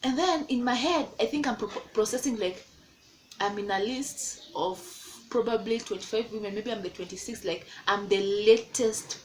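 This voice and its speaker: A woman's voice: moderate pace, a little hiss or hum, low-quality recording. A young woman in her twenties with a Kenyan English accent, telling a storytime vlog and acting out the people in it. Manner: animated, acts out quoted voices in a much higher pitch. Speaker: vlogger.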